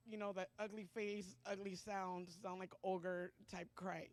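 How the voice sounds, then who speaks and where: A middle-aged woman shares her testimony at a Sunday church service, her voice dry and close with little room sound. She speaks at a middle pitch, halting and emotional, with pauses and fillers. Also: little pitch movement, dry recording. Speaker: church member giving testimony.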